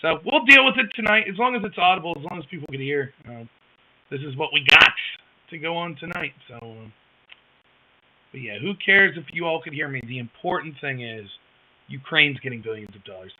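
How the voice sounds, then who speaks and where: A man hosting a casual live stream, rambling wryly and reacting to chat on a wireless headset. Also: a little high. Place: home, rural area. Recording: dull lo-fi headset mic.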